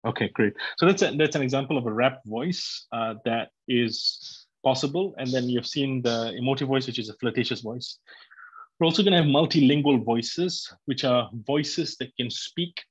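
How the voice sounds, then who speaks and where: A man's voice: mid-range voice, normal speed, slightly rough, no echo, highs cut off. A man hosting a live online community address, rambling with many fillers and speaking straight to his listeners. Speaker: company host presenting a product.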